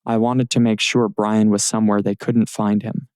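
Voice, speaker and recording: A frightened, injured young woman pleads between sobs, read by a man in an audiobook. The voice stays low and dark with a gravelly edge. It is recorded close and dry. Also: little pitch movement, normal speed, no room sound, close to an everyday voice. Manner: sobbing, breathless pleading.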